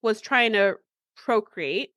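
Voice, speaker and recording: A woman's voice: mid-range voice, expressive, takes it slowly, a bit bright, dry recording, studio quality. A woman co-hosting a podcast, casually recapping a TV episode and acting out the characters' lines. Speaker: podcast co-host.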